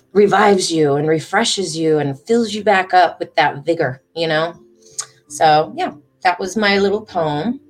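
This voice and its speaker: A woman in her thirties hosting a livestream from home, chatting with viewers and reading her own writing aloud. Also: low-pitched. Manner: emotional, chatty, reads aloud warmly. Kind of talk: casual livestream chat and poetry reading.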